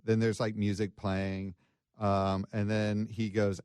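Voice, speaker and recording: A man with a fairly low voice talks through a story in a loose, casual way, full of ums and false starts. The sound is dry and close, with no room around him. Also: flat delivery, takes it slowly, darkish tone, clear, resonant tone, dry recording. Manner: recounts a case, many ums and restarts. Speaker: podcast host.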